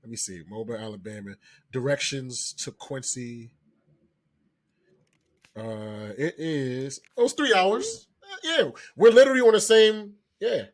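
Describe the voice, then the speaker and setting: A young man from Florida co-hosting a podcast, joking loudly in casual comedic chat. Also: medium pitch, animated, measured pace. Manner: loud, joking, breaks into improvised raunchy song. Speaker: podcast co-host.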